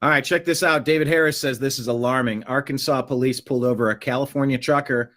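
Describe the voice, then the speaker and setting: A man's voice: mid-range voice, steady tone, fast talker, a bit bright. A man hosting a show, chatting casually as he introduces clips. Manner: offhand, conversational. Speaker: show host.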